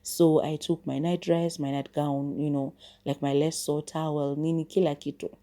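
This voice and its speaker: A woman's voice: low-pitched, little pitch movement, normal speed, mellow. A Kenyan woman hosting a podcast, telling a personal story in a chatty, casual way, switching between English and Swahili. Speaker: podcast host.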